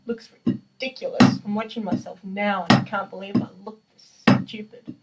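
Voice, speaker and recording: A woman's voice: medium pitch, fairly even intonation, moderate pace, heavy background noise. A young woman, a percussion student, casually demonstrating snare exercises in a practice room, chatty and self-deprecating with many fillers. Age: young adult. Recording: distant mic with drumming behind.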